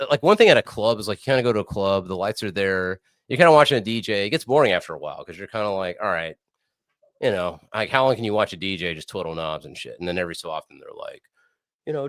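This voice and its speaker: Man, young adult, hoarse, rambling, profane, deep voice, swooping pitch. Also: a bit bright, dry recording, studio quality. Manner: rambling, profane, laid-back. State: hoarse from screaming. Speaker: co-host. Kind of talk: casual podcast chat. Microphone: remote video call.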